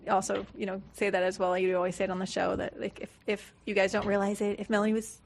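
A woman's voice: mid-range voice, monotone, quick pace, creaky. A woman guest in a radio studio, telling her story in a chatty way and acting out quotes of other people. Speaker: guest, business manager. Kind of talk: casual studio interview.

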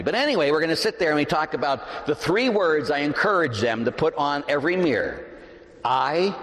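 A middle-aged man, a pastor, preaching a sermon in a large church, animated and shifting between loud emphasis and hushed asides. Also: mid-range voice. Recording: reverberant church.

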